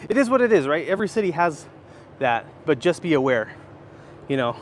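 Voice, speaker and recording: A man's voice: on the high side, big pitch swings, brisk, a little hiss or hum. A man in his thirties, live-streaming from a handheld phone while walking, chatting casually and rambling as he answers viewers' questions. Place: indoor library, then outdoor rooftop.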